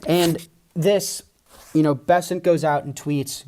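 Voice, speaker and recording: A man giving animated, emphatic commentary to viewers, mocking others, acting out their quotes and swearing casually. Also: fairly high pitch, slow.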